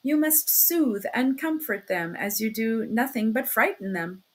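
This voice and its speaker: A sly male criminal investigator, as a woman reads him in an audiobook chatters on in a chummy, teasing way, dropping hints as he probes. The voice sits fairly high and comes across a bit raised and pushing. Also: lively intonation, unhurried. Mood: genial, teasing. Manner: talkative, teasing, insinuating. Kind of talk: audiobook reading.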